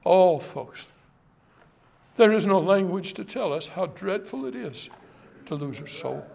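A man preaching an evening sermon, impassioned and pleading, addressing his listeners directly and swinging from hushed to raised. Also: high voice, expressive, a little slow, gravelly, pauses often.

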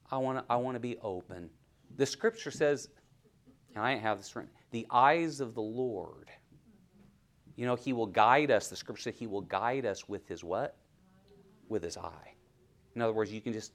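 A man preaching a sermon, asking the congregation questions and swinging from hushed near-whispers to loud, rising exhortation. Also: medium pitch.

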